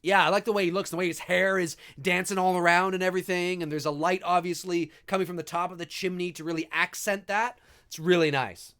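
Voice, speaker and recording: A man hosting a live movie commentary, talking in an animated, enthusiastic and rambling way. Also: high-pitched, brisk, hardly any pauses, smooth. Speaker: host.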